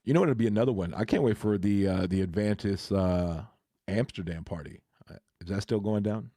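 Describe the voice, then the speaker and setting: Man, crypto livestreamer, casual chat, stop-start with lots of fillers, mellow lowish voice, dry close sound. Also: fairly quick, no echo. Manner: hesitant, many fillers and restarts.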